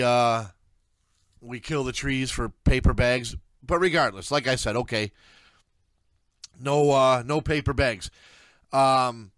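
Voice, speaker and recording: A man's voice: fairly high pitch, a bit bright, no echo. A middle-aged man, ranting angrily and with plenty of profanity on a solo recording. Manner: angry, profane, ranting with rising outbursts. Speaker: ranter.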